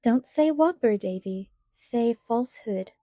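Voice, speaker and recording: A sorrowful, earnest young schoolteacher, voiced by a woman reading a storybook. The voice is warm and mellow, sitting a little high, close and dry. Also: expressive, a little slow, dry recording. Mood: gentle.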